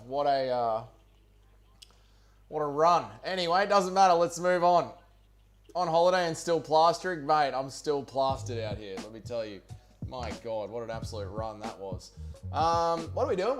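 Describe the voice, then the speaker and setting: An Australian man hosting a casual livestream, reading chat and bantering with viewers, with plenty of swearing and jokes. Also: a little high. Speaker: livestream host.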